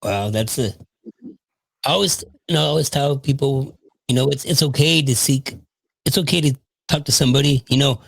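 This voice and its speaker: A man's voice: mid-range voice, normal speed, creaky, husky, no echo, poor audio. A man hosting a faith podcast, speaking in a reassuring way with many "you know" fillers. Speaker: podcast host.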